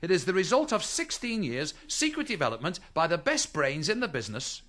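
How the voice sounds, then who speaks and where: A man's voice: on the high side, very animated, brisk, fairly bright tone. A middle-aged man with a Liverpool accent doing a live stand-up routine, chatty and teasing as he spins jokes for the audience. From Liverpool, England. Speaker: stand-up comedian. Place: stage before a live audience.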